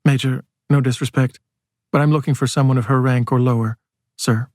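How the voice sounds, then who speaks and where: Man voicing a brisk, pointed woman agent. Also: mid-range voice, fairly even intonation, a little mellow, no room sound, studio quality, natural voice. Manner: fast, clipped, sharply polite, full of sirs.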